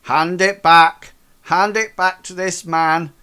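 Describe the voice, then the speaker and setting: A man's voice: sits high, steady tone, slow, pushed and bright, clean tone, voice pushed up, heavily acted. A man voicing a formal, courteous male town guard.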